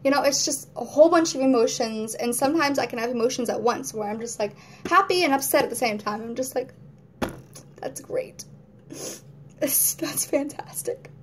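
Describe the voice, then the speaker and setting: A woman's voice: a little high, fast, a little hiss or hum. A woman vlogging at home in casual chat to camera, rambling, laughing often and acting out moods in quoted voices.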